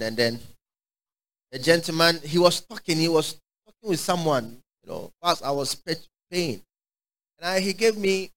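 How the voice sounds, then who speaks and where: Fervent preacher man, high and bright. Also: poor audio. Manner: fervent, call-and-response, swings from shouting to quiet. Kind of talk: sermon.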